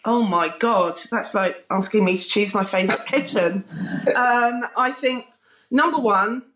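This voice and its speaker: A British woman, a former music TV presenter, telling lively anecdotes with frequent laughter in a casual interview. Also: mid-range voice, a little slow, echoey room. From Britain. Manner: bubbly, laughing, animated anecdotes with mimicked quotes.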